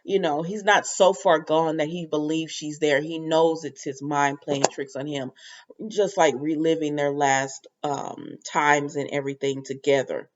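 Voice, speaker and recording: A woman's voice: low voice, steady tone, unhurried, dull audio. Chatty woman recapping a soap episode. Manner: chatty, rambling, filler-heavy retelling. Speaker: soap opera reviewer.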